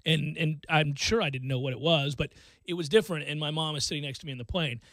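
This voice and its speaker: A man hosting a sports talk radio show in a studio, talking with animated emphasis and drifting away from his microphone. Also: a little high, fast talker, no room sound.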